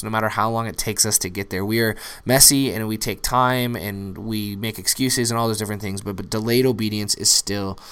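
A man's voice: lowish voice, fairly bright tone, smooth. A young adult man, a pastor, preaching a sermon in an earnest storytelling way that rises to emphatic peaks.

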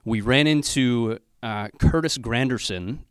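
A man's voice: mid-range voice, a little slow, smooth, no room sound, clean studio sound. A man telling fond stories about a late colleague, with fillers and heartfelt remembrance. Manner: warm anecdotal storytelling with fillers. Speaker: colleague sharing memories.

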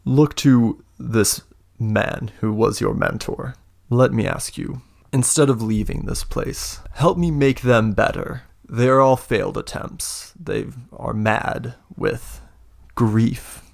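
A man voicing a big, scheming older lord with one good eye who speaks in slow, grandiose speeches and laughs deep and booming. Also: vocal fry, no room sound, clean studio sound. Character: imposing older male lord, scheming, one-eyed mentor. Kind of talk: tabletop role-play narration.

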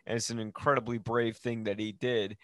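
A man's voice: lowish voice, level tone, a little fast, a bit bright, dry recording, studio quality. Rambling, enthusiastic male podcast host. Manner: rambling, enthusiastic, with frequent restarts. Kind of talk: casual podcast chat.

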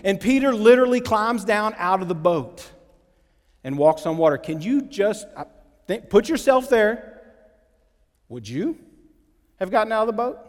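A man preaching a sermon in a church, lively and acting out the quotes with big swings in pitch and loudness. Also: moderate pace. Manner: animated, acts out quotes with shifting pitch and volume. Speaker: pastor. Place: church sanctuary. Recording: long hall reverb.

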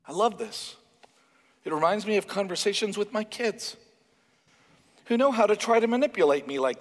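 Male pastor preaching, high voice, animated and emphatic, long church hall echo. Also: moderate pace, long pauses. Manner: animated, emphatic, acts out dialogue. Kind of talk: sermon.

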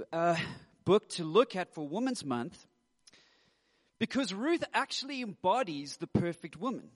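A pastor in his thirties preaches in a chatty, joking way. His voice is on the higher side for a man and carries a long echo, as in a large church. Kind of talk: sermon. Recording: echoey hall.

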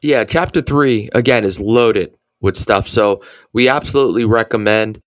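A man's voice: on the low side, moderate pace, no room sound. A man co-hosting a ministry podcast, talking earnestly through Bible passages with frequent restarts. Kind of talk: conversational Bible teaching.

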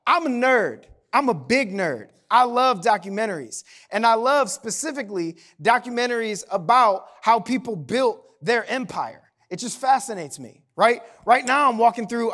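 A man's voice: extremely high pitch, fairly bright tone. A man preaching a sermon in a conversational, humorous way, often checking in with "right?". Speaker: pastor.

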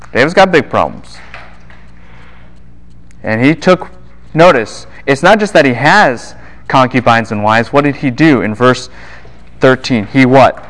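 A man giving a Bible lecture to a class, animated and quick to fire questions at his students. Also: medium pitch.

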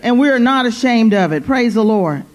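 Preaching at a church service, this woman has a slightly high, expressive voice and speaks at a normal pace. She fervently repeats phrases and calls "Amen?" to draw responses from the congregation.

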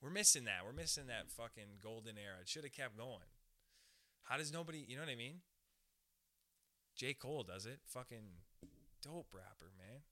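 A male comedian riffs loosely on his podcast, profane and animated. His voice is very bright and sharp-edged, with a zippy, brash tone that comes at you quickly. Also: medium pitch. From Canada. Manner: profane, fast, animated, riffing. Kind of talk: casual rambling monologue.

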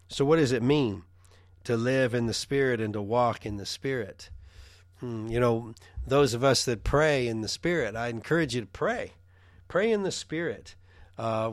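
A middle-aged man preaching informally and telling personal stories, halting often with restarts and fillers. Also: medium pitch, no room sound, clean studio sound.

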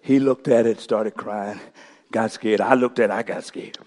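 A middle-aged male pastor preaching a sermon, swinging from quiet storytelling to shouted call-and-response. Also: lowish voice, steady tone, moderate pace, big-room sound, slight background noise.

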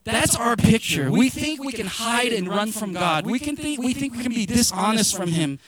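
A middle-aged male pastor giving a sermon, chatty and joking, then rising to shouted emphasis. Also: very high voice, animated, normal speed, a loud crowd.

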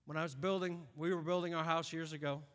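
A middle-aged man with a drawl preaches with a bright, ringing tone, climbing into shouted high-pitched peaks. His voice carries a long reverb that fills a church sanctuary. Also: steady tone, fast. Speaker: pastor. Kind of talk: sermon.

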